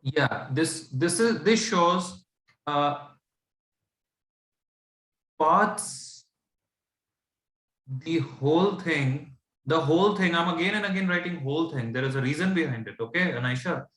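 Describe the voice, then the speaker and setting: A man's voice: on the high side, measured pace, pauses often, a bit bright, roomy sound. A man with an Indian English accent patiently teaching fractions, often stopping to check that his student follows. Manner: patient, asks checking questions, mixes English and Hindi. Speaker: tutor. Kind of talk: explaining fractions.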